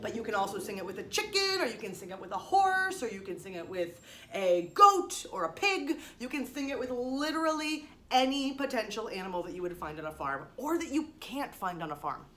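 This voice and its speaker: A woman's voice: on the high side, very animated, a little fast, a bit bright, slight background noise. A young woman teaching a music lesson to children, explaining each step in an encouraging way. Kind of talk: online music lesson for kids.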